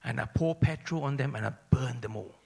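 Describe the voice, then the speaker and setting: Gravelly man giving a church testimony. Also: medium pitch, a little fast. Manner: storytelling, drops to hushed tones and rises to emphatic bursts. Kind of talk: sermon-style personal testimony.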